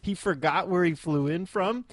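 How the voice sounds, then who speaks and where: A young man chatting on a podcast, his fairly high voice close and dry with no room around it. He rambles through his stories, stopping to laugh often. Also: moderate pace, dry recording. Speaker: podcast co-host. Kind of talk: casual chat.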